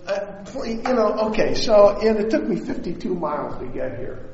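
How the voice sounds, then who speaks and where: A man preaching a sermon in a conversational way that rises to shouts. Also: high-pitched, sing-song, moderate pace, hardly any pauses, far from the mic, a little hiss or hum. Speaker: pastor. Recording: echoey hall, dull sound.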